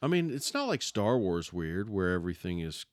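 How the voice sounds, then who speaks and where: A man with a lowish voice cohosts a casual podcast, rambling and teasing his partner with playful jokes. The sound is dry and close, with no room around it. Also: sing-song, moderate pace, dry recording. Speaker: podcast co-host.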